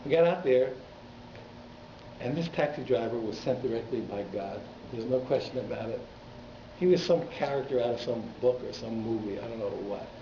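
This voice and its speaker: A rabbi teaching a class at a community synagogue, telling stories animatedly and repeating words for emphasis. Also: male voice, mid-range voice, normal speed, dark tone. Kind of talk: storytelling lecture. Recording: echoey, dull hall recording with faint noise.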